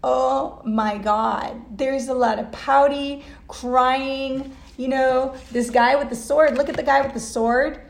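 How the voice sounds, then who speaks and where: A woman's voice: sits high, fairly even intonation, slow pace, creaky, few pauses. Emotional, swearing woman tarot reader. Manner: emotional and blunt, swears freely. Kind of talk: casual tarot reading. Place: home. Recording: echoey room.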